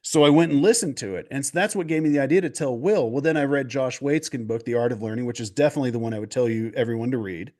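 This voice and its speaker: Animated storytelling man, video call guest. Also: medium pitch, quick pace, hardly any pauses. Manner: animated, restarts and acts out quotes. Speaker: golf coach guest. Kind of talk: casual storytelling interview.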